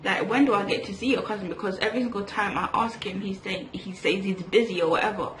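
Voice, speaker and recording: A woman's voice: medium pitch, quick pace, fairly bright tone. A young woman from England, telling a rambling storytime while doing her makeup, full of fillers and restarts. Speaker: vlogger. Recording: echoey room with faint hiss.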